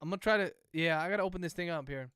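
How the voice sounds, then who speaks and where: Bright, crisp-voiced man dictating a novel. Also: on the high side, very fast, no echo, clean studio sound. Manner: speaks punctuation marks aloud while dictating; loose, chatty asides to viewers between passages. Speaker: author.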